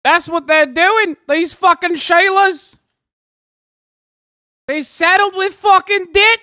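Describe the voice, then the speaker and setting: A man's voice: very high voice, takes it slowly, sharp tone, no echo, studio quality, voice pushed up, heavily acted. Man doing a brash mock-Aussie bloke. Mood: mocking rant. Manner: ranting, crude, exaggerated. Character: mocking loud brash Australian bloke.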